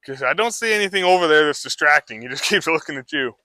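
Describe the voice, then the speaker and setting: A man's voice: on the high side, animated, normal speed, long pauses, sharp tone, dry recording. A man who trains horses, talking a live audience through a demonstration in a casual, rambling way full of fillers.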